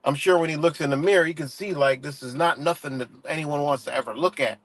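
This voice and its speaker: Man, livestream host, heated profane rant, rambling fillers, slightly high voice. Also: fast.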